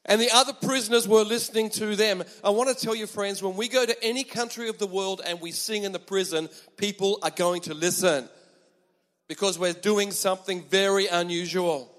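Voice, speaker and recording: A man preaching a sermon, emphatic and animated, with chatty asides to the congregation. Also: high voice, normal speed, big-room sound.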